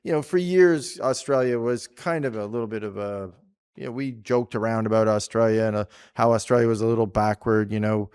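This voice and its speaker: A man's voice: lowish voice, brisk, a little mellow, clean tone. A man from Canada co-hosting a casual talk show on policy, chatty and rambling, often laughing. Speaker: podcast co-host. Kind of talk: casual chat about policy.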